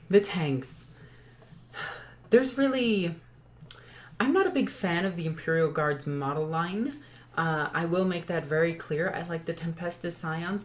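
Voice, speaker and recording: Lower-voiced woman chatting casually. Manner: chatty, joking, corrects her own slips. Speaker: YouTube host. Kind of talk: casual hobby commentary.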